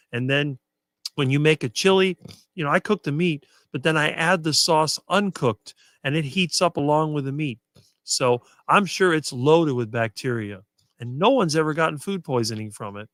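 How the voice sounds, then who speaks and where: Quick-talking man with a fluent, even delivery. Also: on the high side, dry recording. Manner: fluent and quick, few fillers. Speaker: guest on a diet talk show. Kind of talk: casual conversation on a live stream.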